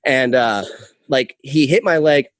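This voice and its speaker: Young man, podcast guest, rambling animated storytelling, casual swearing, mid pitch, dry close mic. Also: a little slow, no room sound. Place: podcast studio.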